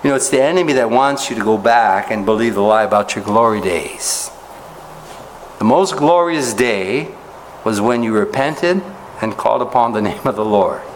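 A man pastor preaching an expository sermon, talking conversationally with the congregation, often asking rhetorical questions and rising in pitch to stress a point. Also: normal speed, a little hiss or hum, low-quality recording. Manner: animated rises in pitch when making a point.

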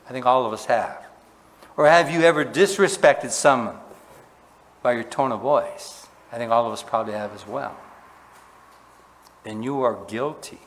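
A man preaching a sermon, asking his listeners questions and swinging between loud emphasis and quiet, low asides. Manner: asks the congregation questions. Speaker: pastor. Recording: long hall reverb.

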